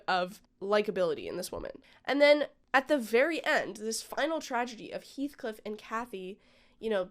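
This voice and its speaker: Chatty woman, slightly high voice. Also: fairly bright tone. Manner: opinionated, chatty, frequent "like" and "um". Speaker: vlogger reviewing a film. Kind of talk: casual chat.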